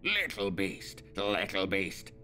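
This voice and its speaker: A man voicing a sinister old male alchemist in a hoarse, croaking voice, hissing and muttering his words. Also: on the low side, very animated, slow pace, sharp tone, soft background music, heavily acted. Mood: menacing.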